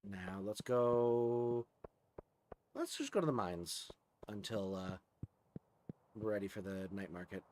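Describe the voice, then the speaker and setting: A man's voice: on the low side, lively intonation, takes it slowly, pauses often, darkish tone, a little hiss or hum. A man giving casual, rambling commentary while playing a video game, often restarting his sentences as he chats with his viewers. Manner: chatty, rambling, frequent restarts. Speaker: gaming streamer. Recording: game music playing behind.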